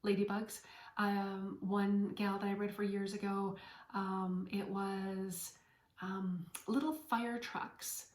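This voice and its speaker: A woman hosting a podcast as a spiritual medium, speaking in an earnest, heartfelt and gently encouraging way. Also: mid-range voice, level tone, takes it slowly, a little hiss or hum. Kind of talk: inspirational spiritual talk. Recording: echoey room.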